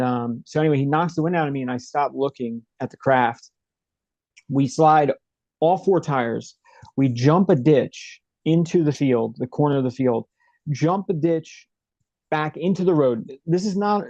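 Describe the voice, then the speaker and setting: A man's voice: mid-range voice, warm tone, no echo, muffled recording. A man being interviewed from home over a video call, telling a story vividly and often checking in with "right?". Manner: vivid retelling, frequent "like" and "right?". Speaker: interview guest. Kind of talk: animated storytelling.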